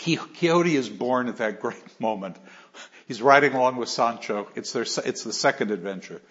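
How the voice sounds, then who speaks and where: Animated male literature lecturer. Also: medium pitch, moderate pace. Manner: animated, emphatic, with frequent restarts. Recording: slightly dull lo-fi recording.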